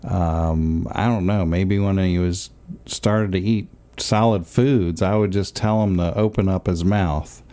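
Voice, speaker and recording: A man's voice: low voice, steady tone, a little slow, warm tone. A man in his thirties co-hosting a parenting podcast in casual, playful chat. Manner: playful, joking. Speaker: podcast co-host.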